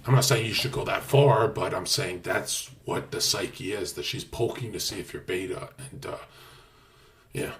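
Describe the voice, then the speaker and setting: A young man livestreaming, talking brashly and boastfully with lots of swearing, dropping to mutters and then bursting out loud. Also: low-pitched, normal speed. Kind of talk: casual stream talk.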